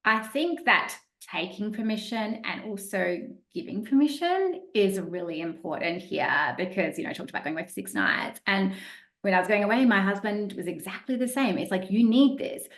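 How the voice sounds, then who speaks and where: A woman's voice: mid-range voice, lively intonation, normal speed, a bit bright. A woman hosting a podcast interview, thoughtful and affirming, summing up her guest's points. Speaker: podcast host. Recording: echoey room sound.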